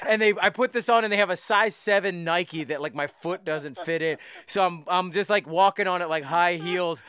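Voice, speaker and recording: Animated profane man, bright tenor. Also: normal speed, clear, resonant tone, dry recording, studio quality. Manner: animated, profane, acts out quotes with big jumps in pitch. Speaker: podcast co-host telling a story. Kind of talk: casual storytelling chat.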